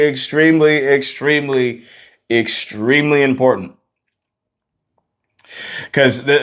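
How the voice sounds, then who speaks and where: A man teaching a singing lesson as a vocal coach, out of breath and talking with energetic, repeated emphasis. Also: mid-range voice. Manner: energetic, repetitive emphasis, laughs between points.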